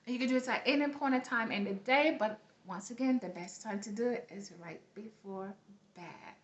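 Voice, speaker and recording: A woman's voice: fairly high pitch, normal speed. A woman giving casual spiritual teaching to her viewers. She talks in an earnest way, repeats herself, and often checks in with "okay?", and she has a light accent. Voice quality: light accent, self-noted. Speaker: spiritual vlogger. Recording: roomy, dull lo-fi recording.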